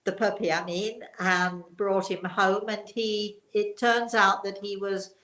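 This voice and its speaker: A woman's voice: mid-range voice, level tone, measured pace, a bit bright. An older woman, a spiritual teacher, telling a rambling personal anecdote with quoted dialogue. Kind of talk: storytelling talk. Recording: roomy echo.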